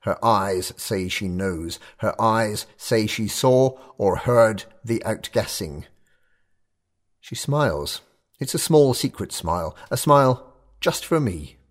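A man's voice: on the low side, animated, takes it slowly. A man narrating a first-person audio story in clipped, tense fragments.

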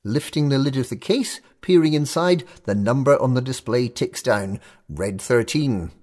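Tense, husky male storyteller. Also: medium pitch, lively intonation, normal speed, darkish tone. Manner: clipped, tense, fragmentary. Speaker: narrator. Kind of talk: first-person present-tense audio fiction.

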